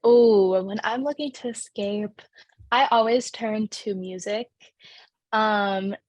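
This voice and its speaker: A woman's voice: mid-range voice, steady tone, slow, dry recording. A young woman, an actress, answering interview questions in a bubbly, chatty way, full of "like" fillers.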